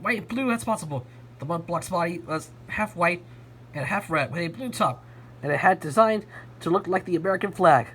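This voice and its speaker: A woman reading a fan story aloud in an expressive storybook style. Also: lowish voice, a little hiss or hum. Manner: expressive, lively narration. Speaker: reader.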